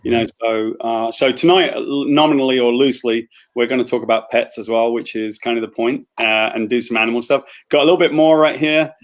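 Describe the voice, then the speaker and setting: A man's voice: medium pitch, fairly even intonation, brisk, hardly any pauses. A man with a British accent hosting a casual video chat, chatty and jokey with loose asides. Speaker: host.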